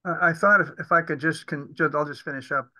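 A man with a sharply bright, tense voice asks questions as a committee member on a video call. He speaks haltingly, searching for words, and his sound is dry and close with no room echo. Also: fairly high pitch. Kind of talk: remote committee meeting discussion.

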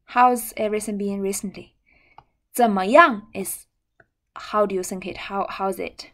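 A young woman with a Chinese accent, a native Chinese speaker, teaching a language lesson slowly and repeating words and syllables. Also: mid-range voice, steady tone, fairly bright tone.

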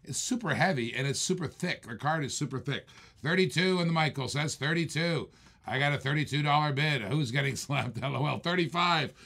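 Gravelly-voiced man calling a live auction. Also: a little high, brisk, a bit bright. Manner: chatty, jokey, repeats bids. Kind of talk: live-stream auction patter.

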